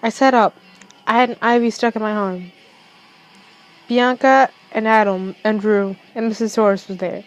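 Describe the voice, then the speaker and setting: A young woman reading a first-person fan fiction story aloud, haltingly, with restarts. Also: medium pitch, fairly even intonation, faint music behind, rough recording.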